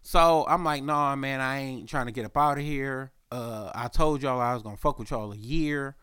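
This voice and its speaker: A man hosting a podcast, telling a loose, profane story about his boss and clearing his throat often while he is sick. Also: mid-range voice, moderate pace, a bit bright, dry recording, clean studio sound. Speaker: podcast host. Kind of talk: casual storytelling.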